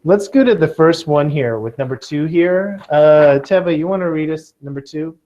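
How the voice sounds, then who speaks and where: A man from Kentucky teaching a class of students, lively and joking, often checking in with "okay?". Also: a little high, normal speed, muffled recording. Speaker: test prep teacher.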